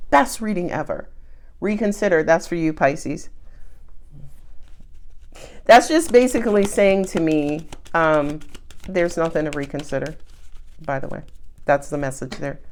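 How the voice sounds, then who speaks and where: Animated woman tarot reader with a lively voice. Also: fairly low pitch. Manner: animated, chatty, laughs often. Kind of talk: casual tarot reading.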